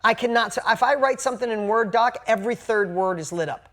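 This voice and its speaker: A woman's voice: fairly high pitch, a little fast, fairly bright tone. A woman business coach telling a candid story to her coaching group, speaking bluntly and swearing casually.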